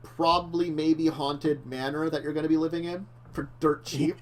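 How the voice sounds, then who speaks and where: A man's voice: fairly high pitch, steady tone, moderate pace, slight background noise. A man co-hosting a casual talk show, rambling and correcting himself, laughing often. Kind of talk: casual chat.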